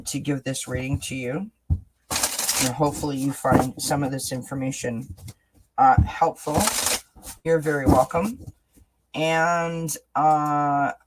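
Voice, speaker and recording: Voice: medium pitch, slight background noise. Chatty tarot reader on a livestream. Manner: chatty, keeps asking "right?"; repeats words and restarts often. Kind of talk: livestream tarot reading chat.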